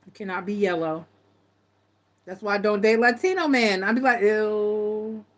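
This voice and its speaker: A middle-aged woman hosting a live tarot stream, chatting casually and telling stories in a blunt, animated way. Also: medium pitch, normal speed. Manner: animated storytelling, blunt and laughing. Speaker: tarot reader host.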